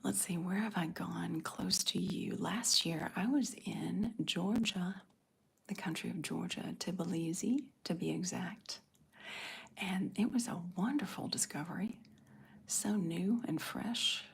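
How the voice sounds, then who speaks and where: A middle-aged woman hosting an ASMR livestream, answering chat in a soft breathy whisper. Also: lowish voice, slow.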